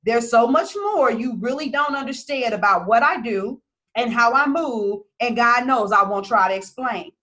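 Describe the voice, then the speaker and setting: A woman's voice: fairly high pitch, lively intonation, normal speed, pushed and bright. A woman business coach talking casually to her followers, blunt and emphatic, swearing freely.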